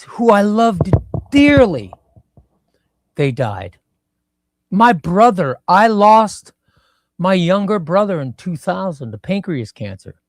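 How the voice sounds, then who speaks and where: Slow-talking man hosting a live stream. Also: sits high, dry recording, studio quality. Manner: slow, reflective, repeats phrases. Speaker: livestream host. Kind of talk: casual live stream chat. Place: home room.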